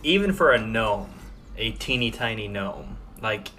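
A man's voice: lowish voice, expressive, unhurried, sharp tone, a little hiss or hum. A man narrating as game master of a tabletop game, loose and rambling with many fillers.

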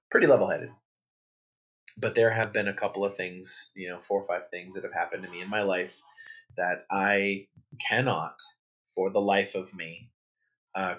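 A man in his thirties, a guest author, telling a personal story in a relaxed, rambling way with many fillers and restarts. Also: low-pitched. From New Hampshire, United States. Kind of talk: conversational interview storytelling. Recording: dull lo-fi audio.

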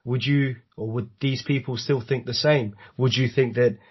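Male interviewer, husky and raspy, agreeable and thoughtful, dull lo-fi audio. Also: medium pitch, steady tone, moderate pace. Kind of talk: conversational interview.

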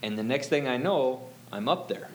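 A man's voice: mid-range voice, lively intonation, normal speed, slight background noise. A middle-aged man telling a personal story as an interview guest, rambling and full of "you know" fillers.

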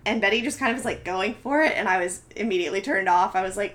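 A woman's voice: medium pitch, fast talker, few pauses. A woman in casual chat, animatedly retelling a film plot with lots of fillers and acted-out quotes. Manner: animated storytelling with many fillers, acts out quotes. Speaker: podcast co-host recapping a film.

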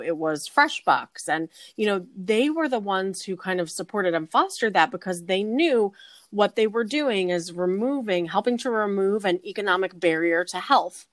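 A woman co-hosting a casual conversation, telling stories in an animated way and laughing easily. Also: fairly low pitch, no room sound.

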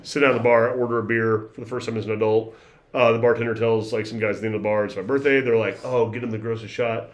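Middle-aged dude rambling thru bar stories, does little voices for people. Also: male voice, on the low side, steady tone, quick pace, muffled recording. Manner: rambling storyteller, acts out quoted voices. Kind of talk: casual chat.

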